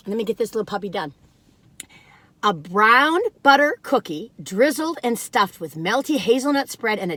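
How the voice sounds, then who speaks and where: An older woman chats through a cookie taste-test in a folksy, rambling way, calling her viewers "you all." Her voice sits a little high, and she breaks into giddy laughs and excited squeals between bites. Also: no echo. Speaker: food vlogger. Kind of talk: casual chatty taste-test review.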